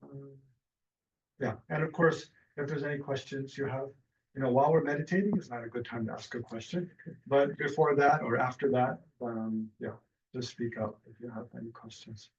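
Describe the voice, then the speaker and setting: A man teaching a meditation class in a relaxed, hesitant way with many fillers and restarts, speaking over a video call. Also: medium pitch, moderate pace. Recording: distant, dull lo-fi mic.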